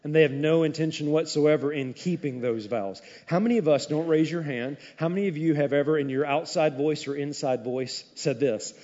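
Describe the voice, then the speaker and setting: A male pastor preaching a sermon in an animated, conversational way, with frequent asides to the congregation. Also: a little high, moderate pace, few pauses. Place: church sanctuary. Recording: dull, echoey hall recording.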